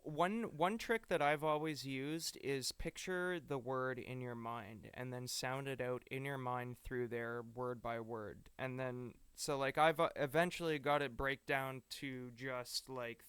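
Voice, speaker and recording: Podcast co-host, male, easygoing, swears, acts out his stories; smooth clear tone, mid pitch. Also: steady tone, measured pace, hardly any pauses, fairly bright tone, no echo. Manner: loose, swearing, acts out quoted dialogue. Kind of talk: casual chat.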